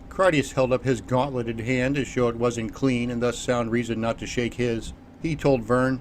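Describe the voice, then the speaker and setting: A man's voice: mid-range voice, flat delivery, moderate pace, few pauses. Give me a man narrating an action audiobook steadily, with faint noise behind.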